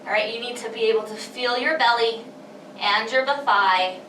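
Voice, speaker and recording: Slightly high and a bit bright, this woman's voice moves at normal speed as she leads home pilates, cheering on the listener and counting breaths and reps though somewhat winded. Expect room echo, a distant mic, and a faint hiss or hum.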